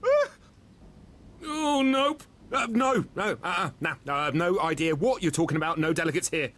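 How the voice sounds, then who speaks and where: A bashful, lovestruck young man in a video game, speaking. He stammers and trips over his words, his voice swinging up and down in pitch, lifting high whenever he gets flustered. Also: big pitch swings, moderate pace, a bit bright.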